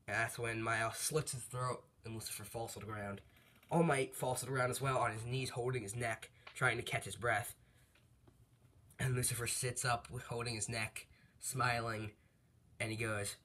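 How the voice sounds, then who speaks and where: A man casually narrating a made-up fan story, rambling with fillers and quick asides. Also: mid-range voice, fairly even intonation, pushed and bright.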